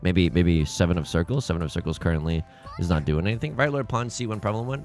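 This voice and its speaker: A man's voice: deep voice, fast talker, darkish tone, soft background music. A man hosting a let's play, giving casual, rambling, self-deprecating commentary while he plays.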